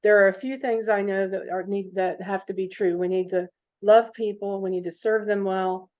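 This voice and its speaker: A woman's voice: medium pitch, normal speed. Chatty middle-aged businesswoman, lo-fi sound. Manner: animated storyteller, chatty with fillers. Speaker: business owner guest. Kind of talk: conversational interview storytelling. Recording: dull lo-fi recording.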